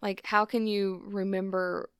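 A woman's voice: mid-range voice, little pitch movement, measured pace, a bit bright, clear, resonant tone. A woman co-hosting a podcast talks casually and answers with blunt, skeptical remarks. Her voice sits close to the mic with no room echo. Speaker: podcast co-host. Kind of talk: casual conversation.

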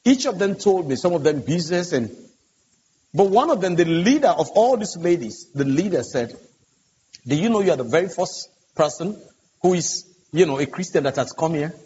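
A man's voice: fairly high pitch, big pitch swings, normal speed, a little mellow, slightly rough. A man, a pastor on a conference panel, telling a story earnestly and emphatically, acting out the dialogue. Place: large conference hall. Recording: dull, echoey conference hall audio with hiss.

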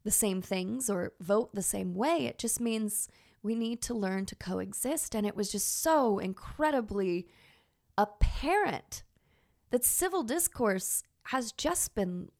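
A woman's voice: medium pitch, lively intonation, measured pace, vocal fry. A woman in her thirties, a teacher, telling a personal story in an earnest, emotional way with many fillers.

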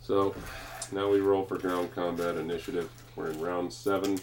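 A man's voice: low voice, flat delivery, moderate pace. A man, blunt and profane, counting dice aloud during a tabletop war game. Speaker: board game player. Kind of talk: casual chat over a tabletop war game.

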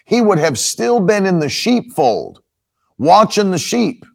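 A man preaching a sermon, reading scripture and explaining it with emphatic, drawn-out stresses. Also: sits high, very animated, vocal fry. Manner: emphatic, slows down to stress points. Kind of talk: expository sermon.

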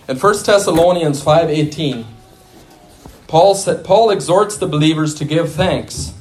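Man preaching a conversational sermon. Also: fairly high pitch. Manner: conversational, restarts and asides to the congregation.

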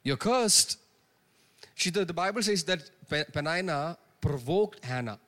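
A pastor preaches in a church sanctuary at normal speed, his fairly high, fairly bright voice full of lively intonation, with the hall's long reverb on the recording. He's emphatic, repeating phrases and drawing call-and-response "Amen?"

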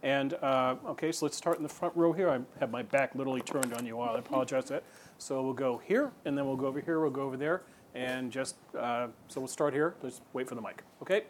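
A man's voice: medium pitch, fast talker, slight background noise. A man moderating audience questions in a lecture hall.

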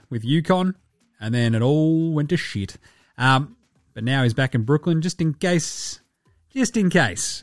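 Aussie bloke hosting a hoops podcast, kinda high voice, swears a lot, dry close mic, faint music under it. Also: male voice, no echo. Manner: animated, sweary, jokey asides. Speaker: podcast host. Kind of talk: casual basketball chat.

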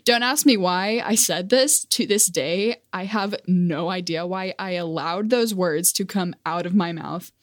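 A woman's voice: fairly low pitch, unhurried, hardly any pauses, dry recording. A young woman telling a casual storytime monologue as a vlogger, self-deprecating and awkward, laughing at herself.

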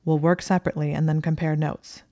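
A woman reading the part of a cold young male student who speaks slowly and precisely, with a growl, in a low, dark voice. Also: little pitch movement, no echo, studio quality. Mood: cold, curt.

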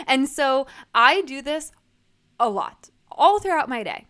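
A woman's voice: high-pitched, animated, moderate pace, a bit bright. A woman in her thirties hosting a podcast, giving a casual motivational talk, chatty with lots of fillers and free swearing. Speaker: podcast host.

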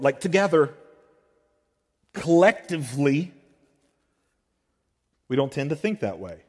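Animated male preacher in a reverberant hall. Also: fairly high pitch, measured pace, long pauses. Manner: animated preaching, swings between soft and emphatic. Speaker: pastor. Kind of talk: sermon.

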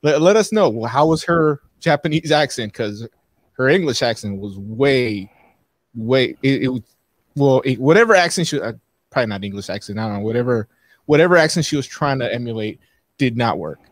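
A man's voice: medium pitch, expressive, fairly quick, no echo, clean studio sound. A man co-hosting a casual podcast, reviewing a film in a rambling way with many fillers and restarts.

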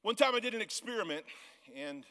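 A man in his forties, a guest pastor from the Missouri Ozarks, preaching a sermon in a church auditorium, loud and yelling, often laughing. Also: sits high, expressive, fairly quick. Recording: long church hall reverb.

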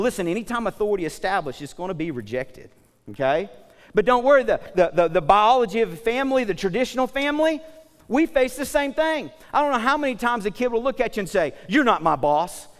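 A man's voice: high voice, big-room sound. A man preaching a sermon as pastor, talking to the congregation in a conversational way and often asking them questions.

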